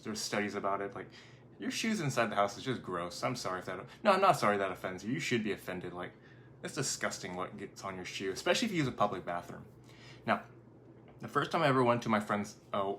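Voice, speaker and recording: A man's voice: fairly low pitch, a bit bright, a little hiss or hum. A man around thirty giving a casual motivational talk, telling stories conversationally and often correcting himself mid-sentence. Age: 30s. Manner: conversational storytelling, frequent self-corrections. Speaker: video host.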